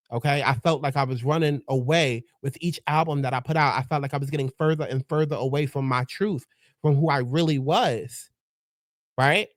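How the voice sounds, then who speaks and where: A man's voice: a little high, no room sound, clean studio sound, close to an everyday voice. A man doing a mocking impression of a woman singer introducing herself, tacking "okay?" onto his lines. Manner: mocking, keeps adding "okay?".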